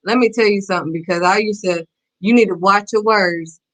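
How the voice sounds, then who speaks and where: A woman's voice: medium pitch, a little fast, a bit bright, low-quality recording. A woman hosting a faith-based talk show, giving blunt, emphatic, preachy advice. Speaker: host.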